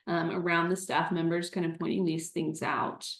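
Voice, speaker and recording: A woman's voice: on the low side, flat delivery, moderate pace, reverberant. A woman interviewer asking casual, friendly questions with fillers. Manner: casual, uses fillers like "kinda" and "like".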